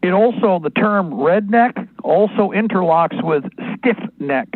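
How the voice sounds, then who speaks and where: A man's voice: sits high, lively intonation, measured pace, few pauses, no echo. A man hosting a talk radio show, speaking in a rambling, digressive monologue full of asides. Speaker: radio host. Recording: narrow phone-like band, dry.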